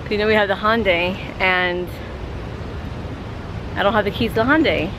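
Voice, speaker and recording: A woman vlogging her family day, talking in an expressive, excitable way and dropping in Spanish phrases. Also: mid-range voice, moderate pace, noisy background. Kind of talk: casual daily vlog. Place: home, then outside in a parking lot.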